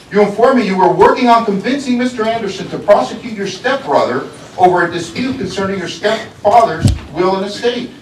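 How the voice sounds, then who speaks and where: A high-pitched man speaking as county sheriff, confronting a board in its meeting chambers. His accusatory, deliberate delivery hammers points home through repetition. He sounds far from the mic in an echoey room, with faint room ambience beneath him. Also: slight background noise. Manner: accusatory, deliberate, repeats phrases for emphasis. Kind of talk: public address at a government meeting.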